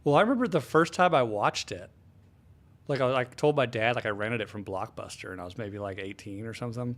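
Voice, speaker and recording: A man's voice: medium pitch, fairly quick. A man co-hosting a podcast, telling loose, profane stories in casual chat. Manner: loose, profane, laughing storytelling. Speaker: podcast co-host.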